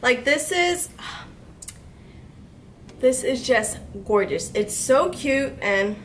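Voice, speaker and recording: Brief: woman in her twenties, beauty vlogger, unhurried but squealing and gushing, high lively voice. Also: far from the mic, slight background noise. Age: 20s. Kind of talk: excited haul unboxing.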